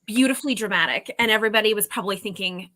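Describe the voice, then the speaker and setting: A woman's voice: medium pitch, very fast, sharp tone. A Canadian woman with a Canadian accent co-hosting a casual livestream chat, chatty and laughing often. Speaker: co-host.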